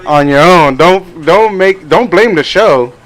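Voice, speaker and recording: Pitched high and animated but unhurried, a young man co-hosting a podcast chats casually through his stories. He rambles, laughs a lot, and performs other people's words in their voices.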